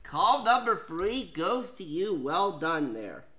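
A man from Canada hosting a home-made game show, reading questions and prizes in a lively, chatty, jokey way. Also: high voice, slow pace, faint music behind.

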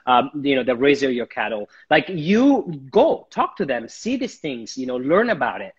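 A man's voice: medium pitch, big pitch swings, moderate pace, breathy edge. A man chef chatting animatedly during a live cooking demo, often repeating his words. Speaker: guest chef. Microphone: livestream. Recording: dull lo-fi livestream audio.

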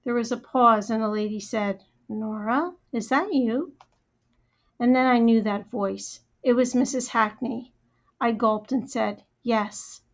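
A woman reading a first-person children's story aloud in a lively, chatty storytelling manner. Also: fairly high pitch, normal speed. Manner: lively, chatty storytelling as a young girl narrator. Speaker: audiobook reader. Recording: slightly muffled recording.

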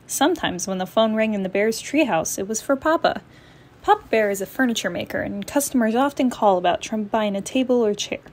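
A woman storyteller reading a children's picture book aloud, clear and expressive. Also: on the high side, a little fast.

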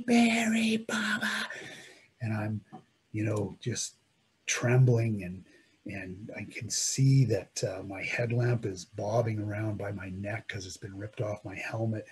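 A man dramatically tells, in the first person, the story of his own ordeal on a mountain, swinging between loud emphasis and hushed tones. His pitch is fairly low, and there's a little hiss or hum.

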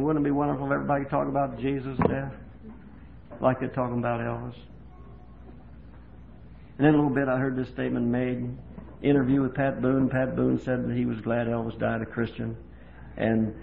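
A man's voice: medium pitch, vocal fry. Folksy man preaching on old tape. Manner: folksy storytelling, swings from quiet chat to loud preaching. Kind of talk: sermon. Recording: tinny lo-fi tape with faint hiss.

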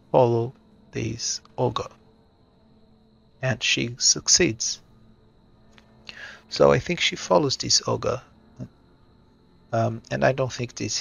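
Male solo game master, hesitant, bright and gravelly voice. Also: mid-range voice. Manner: thinks aloud, hesitant. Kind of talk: solo tabletop narration.

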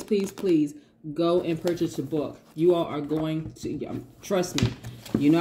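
A woman giving a lively tarot reading, talking casually to her viewers and hyping them up with affirmations. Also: fairly low pitch. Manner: lively, hypes viewers with call-and-response affirmations; casual, says y'all, laughs often. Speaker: tarot reader. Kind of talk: energetic motivational tarot reading.

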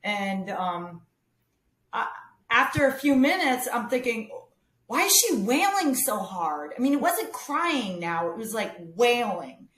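A woman telling a family story in a casual, animated way, quoting herself and others as she goes. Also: on the high side, slow pace. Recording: roomy echo.

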